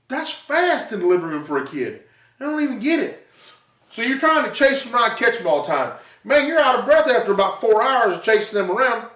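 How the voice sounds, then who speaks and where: A high-pitched man with a drawl tells animated stand-up stories from home, throwing in sound effects like "boom" and "pow." He sounds a little distant from the mic, in a roomy, echoey living room. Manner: animated storytelling, sound effects, talks to audience. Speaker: stand-up comic.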